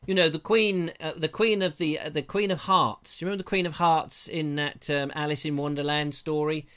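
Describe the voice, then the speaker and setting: A man hosts a live show on a lavalier mic, his voice slightly high, steady, a bit bright, and a little fast. He chats in a rambling, jokey way, often cutting himself off, in the style of casual live-stream talk.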